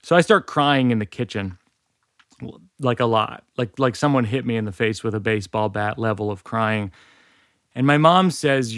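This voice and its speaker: A man's voice: mid-range voice, moderate pace, a bit bright, dry recording. A man in his forties, a podcast host, reading a personal story aloud in a dry, wry way with self-aware asides. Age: 40s.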